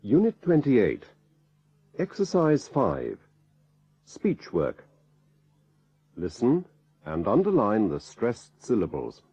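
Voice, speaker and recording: A man with a husky voice announcing units and exercises as a course narrator. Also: fairly low pitch, wildly swooping pitch, warm tone, dry recording, highs cut off. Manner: measured, announcing. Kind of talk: scripted instructions.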